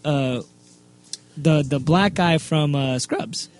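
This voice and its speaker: Male co-host, high voice, excitable and teasing, casual podcast banter. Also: slow pace, no echo, soft background music. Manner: excitable, laughs often, teasing.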